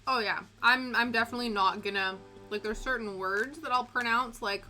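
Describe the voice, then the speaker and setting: A woman's voice: on the high side, normal speed. A young woman with an English Canadian accent, chatting casually with her stream chat while she crafts, laughing often. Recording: soft music under the voice. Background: quiet background music.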